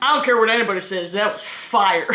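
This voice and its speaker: A woman's voice: mid-range voice, brisk, music in the background. A young Canadian woman with a Canadian accent, reacting to clips in casual, jokey commentary and laughing often. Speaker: YouTube reaction host.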